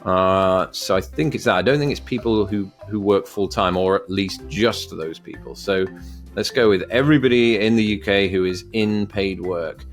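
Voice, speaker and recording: Man, fairly low voice, wry quiz-reading vlog commentary. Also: moderate pace, faint music behind. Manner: wry, joking asides while reading questions aloud. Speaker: vlogger. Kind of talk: casual commentary while taking an online quiz.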